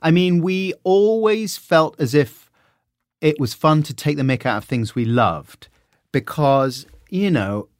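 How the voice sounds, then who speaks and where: Animated man telling stories. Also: fairly high pitch, slow, no room sound, studio quality. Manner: animated storytelling, slips into silly voices. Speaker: podcaster guest. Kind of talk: conversational interview.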